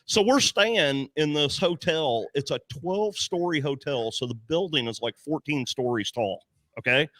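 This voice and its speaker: A man's voice: fairly high pitch, normal speed, no room sound. A man telling a story in a casual podcast chat, swearing often and acting out the other people's lines. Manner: animated, profane storyteller who acts out dialogue. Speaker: podcast panelist.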